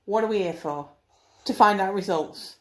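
A woman's voice: medium pitch, normal speed. A young woman co-hosting a casual film-review chat, teasing and ribbing her co-host with dry jokes. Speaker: podcast co-host.

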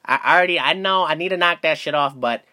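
A man's voice: fairly high pitch, fast talker, sharp tone. A young man hosting a solo podcast, telling stories loosely with lots of swearing and fillers. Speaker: podcast host. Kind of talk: casual solo podcast monologue.

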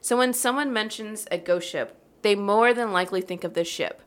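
A woman of medium pitch and moderate pace hosts a podcast, reading a legend aloud. The storytelling chat is casual and playful, and she swears and laughs as she goes.

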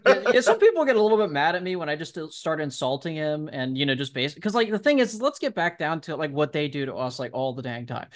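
High-voiced man, rambling and laughing. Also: sing-song, quick pace, few pauses. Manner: rambling, laughs often, lots of "like". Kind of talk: casual political discussion.

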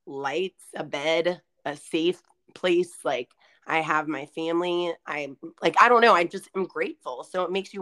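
A woman's voice: sits low, a bit bright. A woman co-hosting a podcast, chatting in a reflective way and laughing often. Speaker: podcast co-host. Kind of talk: casual chat.

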